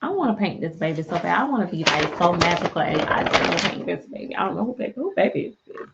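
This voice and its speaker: Middle-aged woman, laughing storyteller on a live stream, lowish voice, dull lo-fi audio. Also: expressive, fast, vocal fry, heavy background noise. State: sleepy. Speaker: reborn doll artist and live streamer. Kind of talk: casual live-stream chat.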